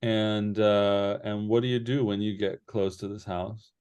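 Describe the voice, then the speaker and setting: A man narrating a tabletop role-playing game as game master, halting and full of fillers. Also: lowish voice, little pitch movement, darkish tone, smooth.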